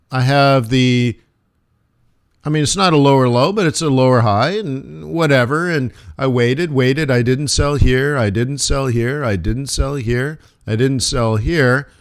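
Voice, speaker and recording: A man's voice: mid-range voice, clear, resonant tone. A man hosting a live forex trading stream, talking through charts in a casual, rambling way with joking asides.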